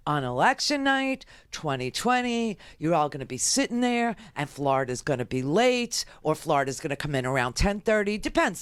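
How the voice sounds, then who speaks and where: A woman's voice: mid-range voice, no echo. Exasperated woman ranting on talk radio. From United States. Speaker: radio talk show host. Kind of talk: political talk radio monologue. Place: radio studio.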